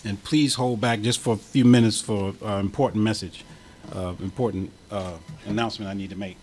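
A man's voice: lowish voice, fairly even intonation, fairly quick, darkish tone, slight background noise. A man preaching a sermon as imam, with an impassioned cadence that swells and drops. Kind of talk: Friday sermon.

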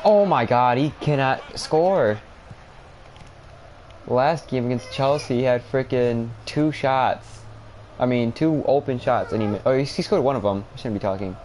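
A young man livestreaming a football video game, reacting out loud with quick exclamations and rambling, self-mocking asides. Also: mid-range voice, slight background noise. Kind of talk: live gameplay commentary.

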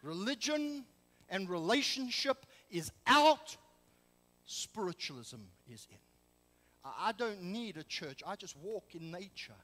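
A man's voice: high-pitched, sing-song, takes it slowly, a bit bright, in a large hall, rough recording. A man preaching a sermon as pastor, emphatic and full of rhetorical questions. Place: church sanctuary.

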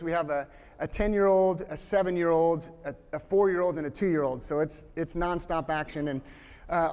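A man in his forties preaches as a guest speaker and opens with joking stories. He restarts his sentences often in a loose storytelling way. His voice sits high, and the sound rings with long reverb in a large hall. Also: a little mellow. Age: 40s. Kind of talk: sermon with humorous stories.

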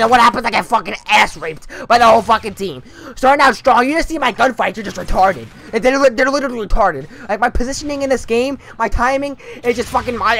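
A young man with a high voice talks over his gameplay footage, sarcastic and loose-mouthed. He swears a lot and keeps jumping into loud, animated outbursts, with a faint hum of room noise behind him. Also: vocal fry. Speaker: gaming commentator. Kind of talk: casual gameplay commentary.

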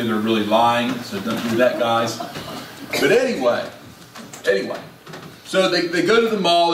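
A male pastor preaching a sermon and leading prayer in a folksy, conversational way with many restarts. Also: medium pitch. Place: church sanctuary. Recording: echoey church, distant, faint hiss.

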